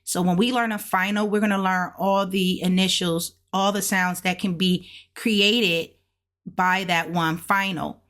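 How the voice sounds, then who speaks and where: A woman's voice: on the low side, steady tone, fairly bright tone. A woman casually walking viewers through practice, speaking patiently and drawing out sounds as she models them. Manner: slow, patient, drawn-out syllables when modeling sounds. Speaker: language learner teaching along. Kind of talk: casual lesson narration.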